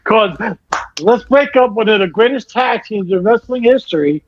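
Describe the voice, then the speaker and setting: A man co-hosting a casual wrestling chat, excitable and swearing as he retells scenes. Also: high voice, moderate pace, no echo, dull audio. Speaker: co-host.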